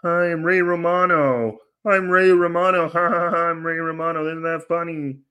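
A man's voice: on the high side, steady tone, moderate pace, bright, forceful tone, smooth, muffled recording, pitched above the performer's own voice. A man putting on an impression of a whiny, self-amused middle-aged male comedian who chuckles at his own lines. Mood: smug.

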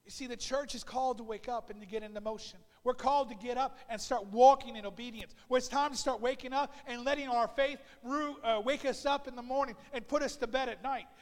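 A male pastor preaching a fervent sermon, repeating his calls and building up to shouts. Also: extremely high pitch, fairly even intonation, fairly quick, hardly any pauses, big-room sound. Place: church sanctuary.

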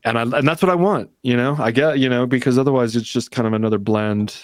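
A man's voice: mid-range voice, quick pace, no echo. A man hosting a podcast, talking in a laid-back way with lots of fillers. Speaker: podcast host. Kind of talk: casual chat.

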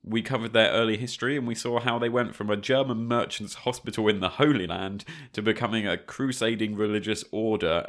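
A man's voice: fairly low pitch, fairly bright tone. A man co-hosting a history podcast from home, moving between easygoing chat and narration. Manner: easygoing, with frequent fillers. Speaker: podcast co-host. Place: home flat.

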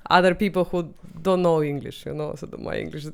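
A woman from Russia speaking English with a Russian accent as a comedy guest, lively and halting with frequent fillers. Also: low-pitched, creaky, smooth. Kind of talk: casual comedy podcast chat.

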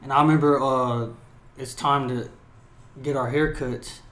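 A young man co-hosts a podcast, casually telling crude, lively stories and imitating drill instructors who yell. His mid-range voice moves at an unhurried pace, and the room sounds echoey.

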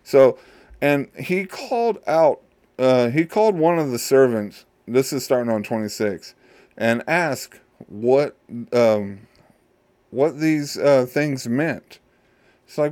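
Slow, halting man retelling a story. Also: mid-range voice, animated, darkish tone, dry recording. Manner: halting, repeats words, many fillers. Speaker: host. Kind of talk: casual retelling of a Bible story.

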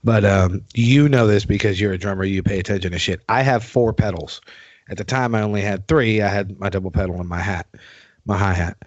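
A man with a low voice chats casually as a podcast host and tells stories in a laid-back, easygoing way. The recording is dry and a touch dull. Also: a little fast, no echo. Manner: laid-back, swears casually, animated when quoting others. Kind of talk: casual chat, storytelling. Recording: dry, slightly dull sound.

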